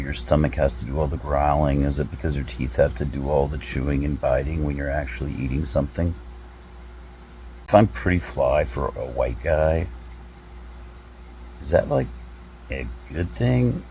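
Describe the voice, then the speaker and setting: A man, a comedy vlogger, rambling through deadpan rhetorical questions with drawn-out pauses. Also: very deep voice, a little hiss or hum, poor audio. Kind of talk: deadpan musing monologue.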